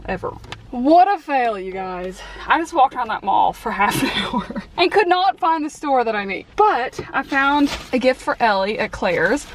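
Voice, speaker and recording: A young woman talks to her camera in a bright, slightly high voice, bubbly and chatty, laughing often. The handheld recording carries clear background noise from rain and traffic. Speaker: vlogger. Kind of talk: casual vlog chat. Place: car, shops and home. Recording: noisy handheld camera audio.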